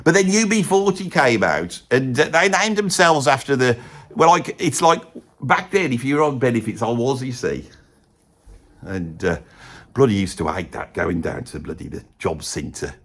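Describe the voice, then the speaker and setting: A man's voice: medium pitch, lively intonation, normal speed, a bit bright. A man with a Birmingham accent voicing a rambling, blokey older heavy metal fan in a comedy monologue, who keeps losing his thread. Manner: rambling, loses his thread, says bloody a lot. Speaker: comic pundit character.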